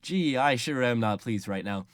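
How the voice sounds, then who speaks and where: A man putting on a brooding, vengeful male barber with a slow, deadpan delivery. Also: mid-range voice, no echo, clean studio sound, natural voice.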